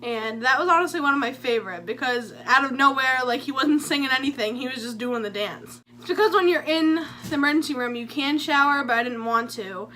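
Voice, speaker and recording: A young woman with a high, bright voice tells stories in a chatty, jokey way. She sounds animated and playful and talks straight to her viewers. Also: brisk. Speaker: vlogger. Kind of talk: story time vlog.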